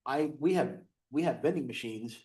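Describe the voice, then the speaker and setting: A man speaking as a county commissioner at a public meeting, measured and halting in his phrasing. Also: mid-range voice, darkish tone, breathy edge.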